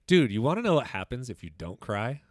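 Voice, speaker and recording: A man's voice: medium pitch, big pitch swings, a little fast, no room sound, clean studio sound. A young man co-hosting a podcast, telling a personal story in loose, candid chat full of swearing and restarts. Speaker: podcast co-host.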